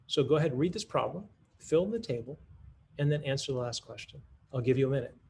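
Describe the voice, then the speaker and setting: A man's voice: mid-range voice, animated, fast, creaky, darkish tone, slight background noise. A man giving a conference talk that models a math lesson, in a teacherly way, thinking aloud with restarts and rhetorical questions. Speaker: math curriculum presenter.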